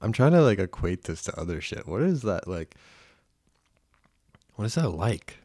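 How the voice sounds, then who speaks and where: Young male podcaster, deep voice, rambling and self-mocking, crude. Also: big pitch swings, moderate pace, mellow, no echo, clean studio sound. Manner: rambling and self-deprecating, swears often. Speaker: podcast host. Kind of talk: casual solo podcast monologue.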